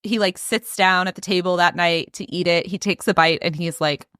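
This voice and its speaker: A woman's voice: on the low side, moderate pace, smooth, no echo, studio quality. A woman podcast host telling a story in casual chat, acting out what people said and laughing often. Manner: animated, acts out quotes, laughs often.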